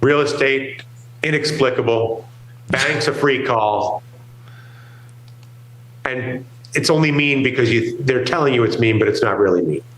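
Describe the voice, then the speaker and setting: A man's voice: medium pitch, unhurried, pauses often, a bit bright, reverberant, low-quality recording. A man from New York co-hosting a talk show, rambling emphatically and acting out what other people say. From New York, USA. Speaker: co-host. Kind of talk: casual market talk show banter.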